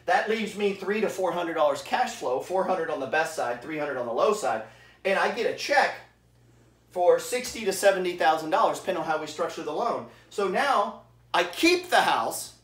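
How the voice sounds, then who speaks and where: A man's voice: high voice, expressive, moderate pace, a bit bright, distant mic. A man, a real estate investor, slightly out of breath, bluntly explaining money math in an informal way and rounding numbers as he goes. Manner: blunt, works through rough math aloud, rounding as he goes. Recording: echoey room, away from the mic.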